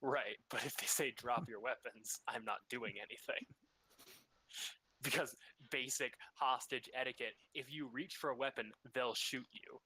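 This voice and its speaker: A man taking part as a player in a tabletop role-playing session, speaking deliberately with a wry edge. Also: medium pitch, pushed and bright, slight background noise, rough recording. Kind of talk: casual tabletop chat.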